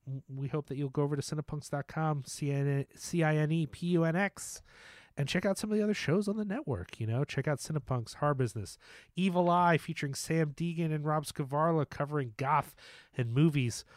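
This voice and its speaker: A man's voice: on the high side, fairly quick, no room sound, studio quality. A man co-hosting a casual film podcast, talking loosely with many fillers, restarts and jokes. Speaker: podcast co-host.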